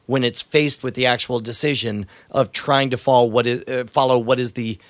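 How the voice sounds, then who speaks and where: A man in his thirties co-hosting a podcast, talking in a quick, rambling way with lots of fillers and restarts. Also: medium pitch, steady tone, no room sound. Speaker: podcast co-host. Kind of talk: casual chat.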